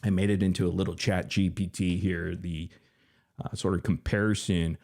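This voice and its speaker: Man, very low voice, live-stream host, mocking, boastful, laughs a lot. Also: flat delivery, normal speed, gravelly, darkish tone. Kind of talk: casual live-stream commentary.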